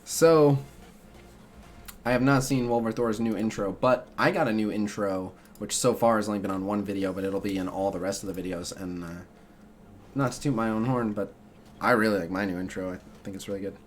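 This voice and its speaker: A man's voice: on the low side, steady tone, a little fast, slight background noise. Rambling young man streamer over music. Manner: rambling, lots of "like" and "uh" fillers. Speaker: streamer answering chat. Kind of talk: casual livestream chat about a mobile game.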